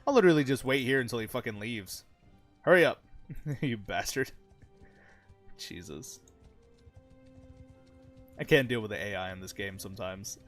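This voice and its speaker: A man's voice: medium pitch, lively intonation, normal speed, long pauses, a bit bright, soft background music. A man giving casual, chatty commentary over his own gameplay, swearing freely and laughing often as he talks to his viewers. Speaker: gaming channel host.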